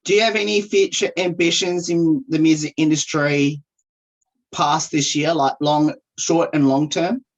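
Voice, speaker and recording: A woman, a radio interviewer asking measured questions with fillers over a video call. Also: sits low, fairly even intonation, dull audio.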